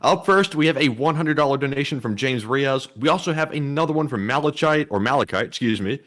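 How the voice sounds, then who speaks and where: A man co-hosting a livestream, reading donor names in a steady voice and stumbling over his words now and then. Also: medium pitch, a little fast. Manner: steady, reads long name lists, stumbles at times. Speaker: co-host reading donations. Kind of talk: casual livestream chat.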